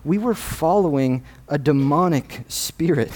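A man preaching a sermon as a guest speaker in a church, earnest and measured, reading scripture aloud. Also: a little high, expressive, a little mellow, slight background noise. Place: church sanctuary.

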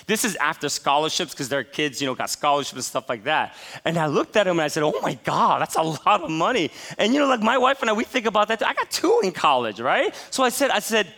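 A pastor in his forties preaching a sermon, telling stories with animated, laughing asides. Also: on the high side, fast talker, few pauses.

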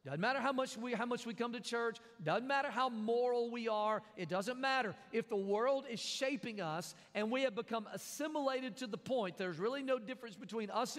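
Male pastor, high-pitched, folksy preaching in a reverberant church hall. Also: fairly bright tone. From American South. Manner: conversational preaching with jokes and repeated phrases. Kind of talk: sermon.

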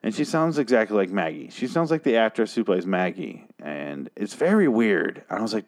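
A man's voice: lowish voice, big pitch swings, moderate pace, few pauses. A man casually recapping a TV episode, rambling, sarcastic and profane, with frequent asides and restarts. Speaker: show recap host.

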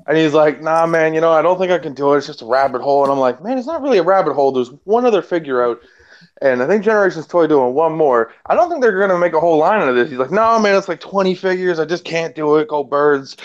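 A man with a lively, profane, laughing way of talking, telling a casual story on a podcast and acting out what others said. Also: on the high side, fast. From Canada. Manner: animated, profane, laughs often, acts out quotes. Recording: dull lo-fi sound.

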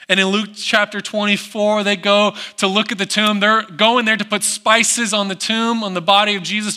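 A man preaching a sermon, who acts out the people in the story and drops to a hush on reflective lines. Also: sits high, clean tone. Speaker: pastor.

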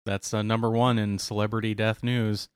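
A man in casual chat, cracking dry, deadpan jokes. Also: fairly low pitch, normal speed, smooth.

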